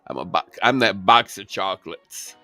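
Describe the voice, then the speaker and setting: A man co-hosting a late-night casual chat, telling stories in a profane, animated way. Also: deep voice, normal speed, soft background music. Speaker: co-host.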